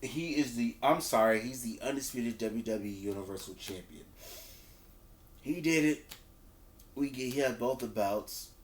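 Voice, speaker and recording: A man at an average pitch gives a casual, animated wrestling review. He repeats himself, trips over restarts and jumps into a higher voice to act out what people said. The room around him sounds echoey. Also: unhurried, slight background noise. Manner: animated, acts out quotes in a higher voice; loose, repeats words and restarts. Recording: roomy echo.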